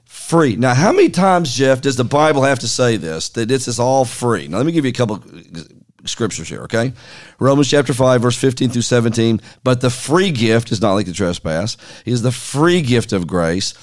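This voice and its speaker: A man's voice: medium pitch, expressive, normal speed. Emphatic man hammering home his point. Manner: emphatic and insistent, repeating key words. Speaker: podcast co-host, former pastor. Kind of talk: casual podcast chat, quoting scripture.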